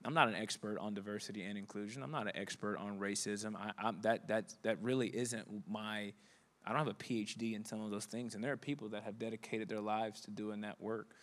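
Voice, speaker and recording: A young man who is a guest preacher, telling a story in an animated, earnest way. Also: on the low side, brisk. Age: young adult. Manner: animated and earnest, acts out quotes. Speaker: guest speaker and pastor. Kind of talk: storytelling conversation.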